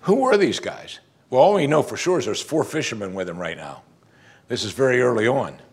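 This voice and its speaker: A middle-aged male pastor delivering a sermon in a husky, slightly breathy voice at an ordinary middle pitch. He drives his points home with emphasis, pausing for musing hums and putting rhetorical questions to his listeners. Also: sing-song.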